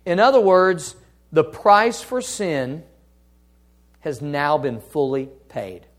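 A man delivers a sermon in a notably high-pitched voice. He teaches emphatically, repeating phrases, and swings between hushed, quiet stretches and loud, impassioned climaxes. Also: takes it slowly. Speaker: preacher.

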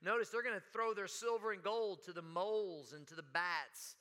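A man preaching a sermon in a church, animated, breaking into sudden shouts and dramatic quoted lines. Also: high-pitched, moderate pace. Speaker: pastor. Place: church sanctuary.

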